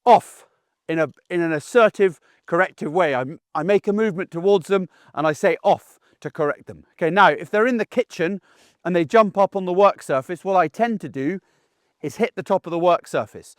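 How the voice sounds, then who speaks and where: Man, middle-aged, dog trainer, instructional talk, higher voice, dry sound, assertive, down-to-earth. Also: brisk, no echo. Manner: plain-spoken, assertive, down-to-earth; checks in with frequent "okay?".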